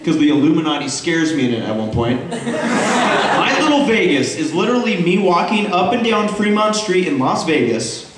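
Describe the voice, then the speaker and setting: A man's voice: high voice, very noisy. A laughing man telling stories on a panel. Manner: animated, laughing, quick asides. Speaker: convention panelist. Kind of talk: casual panel storytelling. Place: convention panel room. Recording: echoey hall recorded from a distance.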